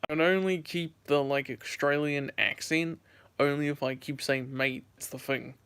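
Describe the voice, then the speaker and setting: A slightly high, smooth, fairly bright voice belongs to an American guy in his late teens streaming on a handheld phone. He talks at normal speed with a steady tone, rambling casually and going over the same things while reading chat.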